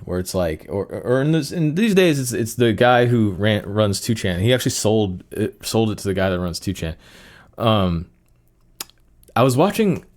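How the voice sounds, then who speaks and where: A young man hosting a solo podcast, rambling casually with many fillers and restarts. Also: on the low side. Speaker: podcast host.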